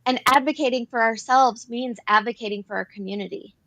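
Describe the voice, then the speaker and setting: A woman's voice: fairly high pitch, fairly quick, a bit bright. A woman co-hosting an advocacy talk show, explaining policy earnestly and repeating phrases as she works through points. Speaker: podcast co-host. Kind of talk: advocacy discussion.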